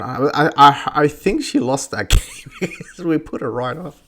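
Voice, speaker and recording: Crude, gravelly Australian man ranting. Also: mid-range voice, sing-song, unhurried, fairly bright tone. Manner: crude, profane and sarcastic, acting out others in mocking voices. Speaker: podcast host. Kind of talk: casual rant.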